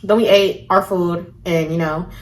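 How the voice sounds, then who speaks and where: This woman vlogger speaks a little slowly in a fairly low-pitched voice. She tells her storytime tale casually and with lots of animation, swearing freely and performing each quote as she goes.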